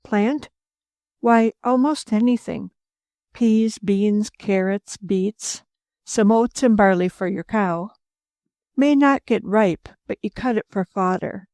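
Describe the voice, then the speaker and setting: A plump, kindly old farm wife, done by a woman reading aloud, homely and matter-of-fact, slightly higher than the narration. Slow storybook pacing and a dry, close sound. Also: a little mellow, no room sound.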